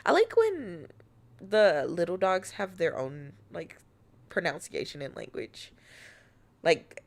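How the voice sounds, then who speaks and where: A woman's voice: on the low side, huge pitch swings, slow pace. An American woman streaming and chatting casually, playful and teasing, swearing freely. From United States. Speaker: VTuber streamer.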